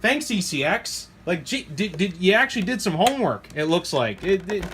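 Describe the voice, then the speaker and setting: A middle-aged man, casually reviewing toy trucks in an excitable, rambling way. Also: moderate pace, slight background noise. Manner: excitable, rambling, jumps to high squeals when thrilled. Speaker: hobby shop owner reviewing RC trucks.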